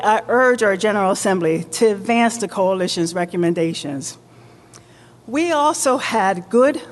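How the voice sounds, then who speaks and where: A woman mayor giving a formal public address with deliberate, emphatic oratory in a large indoor market hall. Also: mid-range voice. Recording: long reverb of a large hall.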